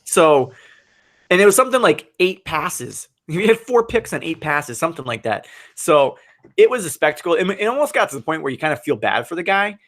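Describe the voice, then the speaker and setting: Excitable man in casual football chat. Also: on the high side, a little fast. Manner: excitable, laughs often, animated. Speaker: sports podcast co-host.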